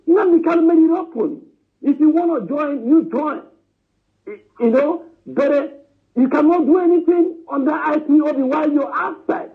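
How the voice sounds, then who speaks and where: A high-voiced man speaks over a thin, tinny phone line. He calls in to a live stream and pushes his argument hard, circling back with "you know" and "understand?" and addressing the host as his brother. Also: moderate pace. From southeastern Nigeria. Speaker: caller.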